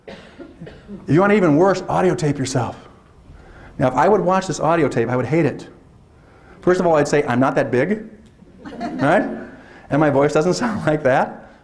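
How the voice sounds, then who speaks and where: A man presents a workshop to teachers in a lively, conversational lecture. His voice sits fairly high, and he keeps slipping into quick put-on voices to act out the teachers he talks about. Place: lecture hall.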